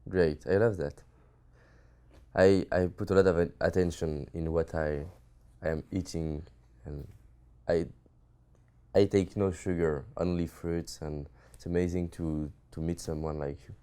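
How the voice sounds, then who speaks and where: Deep, smooth-voiced male interviewer. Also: fairly even intonation, unhurried, pauses often, warm tone. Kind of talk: interview talk.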